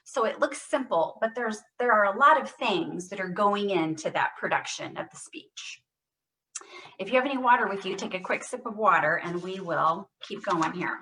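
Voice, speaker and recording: A woman speech therapist leading a voice exercise class over a video call, modelling short phrases loudly and stressing every single word. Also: mid-range voice, expressive, normal speed, recorded from a distance, a little hiss or hum, low-quality recording. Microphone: computer mic on video call.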